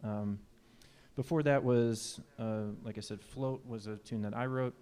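Man, musician, casual on-stage chat, mellow tone, slightly breathless, relaxed. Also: medium pitch, measured pace, clear, resonant tone. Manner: relaxed, rambling with fillers. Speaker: jazz musician.

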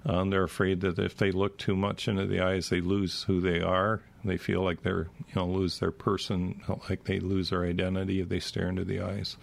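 Low gravelly man with halting speech. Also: monotone. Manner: rambling, halting with many fillers. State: dry, failing voice. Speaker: show host. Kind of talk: casual talk on alien abduction accounts.

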